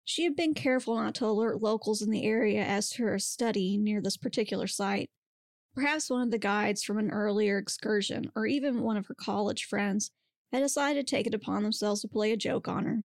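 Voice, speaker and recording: A woman podcast host reading a monster romance story aloud with steady, expressive narration. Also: medium pitch, fairly quick, no echo, studio quality.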